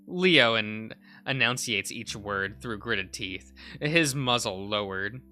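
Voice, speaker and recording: A man's voice: fairly low pitch, animated, slow pace, few pauses, pushed and bright, faint music behind. A young man streaming, reading a visual novel aloud with many uhs and restarts.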